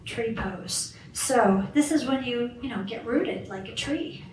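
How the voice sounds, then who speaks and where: A woman's voice: on the high side, slow pace, darkish tone. A woman fitness instructor leading a guided balance and stretching class, cueing moves and counting reps in an encouraging way. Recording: roomy, far from the mic, faint background hiss.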